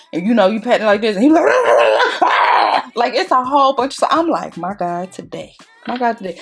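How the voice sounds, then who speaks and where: A young woman chatting casually while doing her makeup, telling a story in an animated way and acting out what people said. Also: mid-range voice. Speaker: beauty vlogger.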